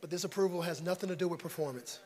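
Pastor, male, very high voice, preaches dynamically, from shouting to soft whispers. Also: racing, big-room sound, background noise. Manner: dynamic, swings from loud to hushed. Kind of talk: sermon. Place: church sanctuary before a congregation.

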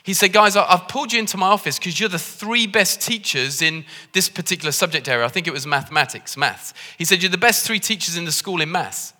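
Jokey Liverpool preacher in a reverberant hall. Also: male voice, sits high, animated, fast, hardly any pauses, sharp tone. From Liverpool, England. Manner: jokey, self-deprecating, conversational. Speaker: visiting preacher. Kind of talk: sermon. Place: church hall. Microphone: handheld microphone.

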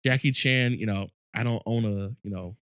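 A man co-hosting a podcast in casual chat, telling stories in animated, excited bursts. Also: on the low side, moderate pace, no echo, studio quality. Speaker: podcast co-host.

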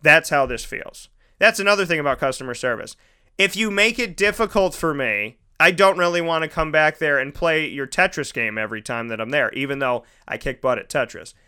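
A man's voice: a little high, fairly quick, clear, resonant tone. A man hosting his own show, telling a story in a casual monologue and acting out the people he quotes. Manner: animated storytelling, acts out quoted voices. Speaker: radio show host. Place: studio.

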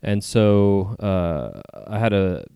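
A man with a low, resonant voice chats casually as a podcast co-host. He rambles, stops and restarts, and leans on fillers as he talks. The sound is dry and close. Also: sing-song, slow, creaky, dark tone, smooth, dry recording. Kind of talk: casual chat.

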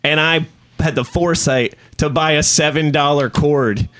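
A touring musician from New Jersey talks on a podcast, his voice sitting a little high for a man. He rambles through stories with constant fillers and restarts, swearing freely as he goes. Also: steady tone, normal speed, a bit bright. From New Jersey, USA. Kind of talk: casual podcast chat.

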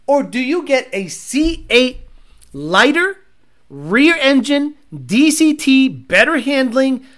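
Animated, profane livestream host, male. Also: extremely high pitch. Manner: crude, rambling, profane banter. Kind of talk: casual live-stream chat.

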